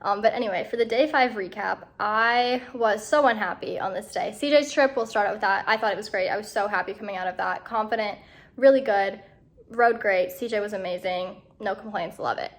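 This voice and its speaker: A woman's voice: medium pitch, fairly quick. A young woman vlogger and rider, talking in a chatty, self-deprecating way with lots of "like". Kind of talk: casual vlog voiceover and on-camera chat.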